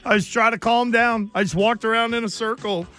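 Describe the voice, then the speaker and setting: A man co-hosting a sports radio show who keeps laughing and needling his partner. His voice sits high. Faint music plays under the talk. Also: steady tone, a little fast, bright, forceful tone. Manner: laughing, teasing, talks through ideas. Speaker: radio co-host. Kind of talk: casual sports radio banter.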